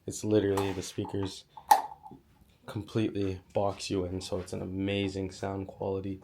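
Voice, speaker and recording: A young man, hoarse from being sick, chatting casually as he gives a room tour. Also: sits low, completely flat delivery, moderate pace, warm tone, slight background noise. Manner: chatty, lots of "like" and "so". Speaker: YouTuber giving a room tour. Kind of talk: casual vlog walkthrough.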